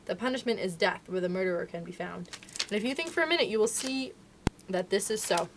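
A woman voicing a grave, steady father wolf who explains the law in a measured way in a storybook reading. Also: medium pitch, background noise, close to an everyday voice. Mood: explaining.

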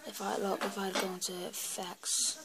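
A woman's voice: medium pitch, steady tone, moderate pace, creaky, a crowd in the background. A woman casually talking through a screen-recorded tutorial on a built-in computer mic. She clowns around and mutters to herself as she clicks. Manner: goofy, clowning, muttering asides while clicking. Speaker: vlogger.

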